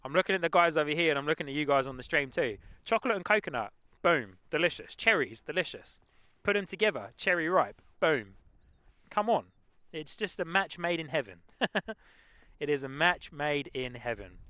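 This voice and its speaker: A man with a London-tinged English accent, casually chatting as host of a live stream and reading out viewer comments, easygoing and quick to laugh. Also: fairly high pitch, animated, bright, forceful tone, dry recording. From England. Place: outdoors at an airport plane-spotting spot.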